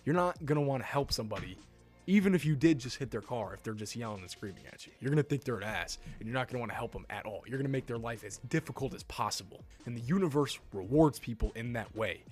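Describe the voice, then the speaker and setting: A young man speaks in a blunt, assertive lecturing tone, laying out self-help advice as if straight to camera. His voice sits at an ordinary middle pitch. A light music bed plays softly beneath him. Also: lively intonation, quick pace. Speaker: self-help video host. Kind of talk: scripted advice monologue to camera. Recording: faint background music.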